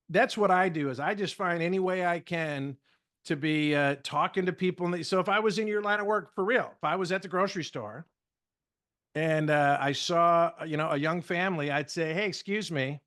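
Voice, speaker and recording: A middle-aged man telling lively stories in casual podcast chat, acting out the dialogue as a communication trainer. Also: a little high, moderate pace. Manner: lively, acts out dialogue in stories, many fillers. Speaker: guest speaker and communication trainer.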